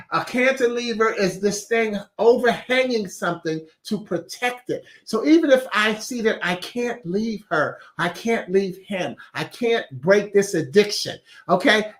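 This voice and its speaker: Hosting his weekly inspirational message, a man speaks in a high, fairly bright voice. He keeps it chatty and casual, chuckling at his own puns and reading viewer comments aloud in this relaxed motivational talk.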